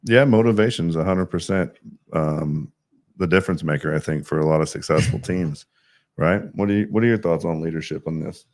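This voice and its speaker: A man's voice: sits low, brisk, darkish tone. A man, a coach hosting the show, asks players questions in a casual, conversational way and keeps checking in with "right?". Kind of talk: casual interview chat.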